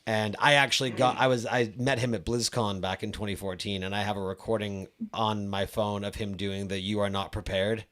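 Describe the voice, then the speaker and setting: A man's voice: fairly low pitch, fairly even intonation, brisk, hardly any pauses, a bit bright. Enthusiastic man hosting a podcast. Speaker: podcast host. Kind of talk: casual podcast interview chat.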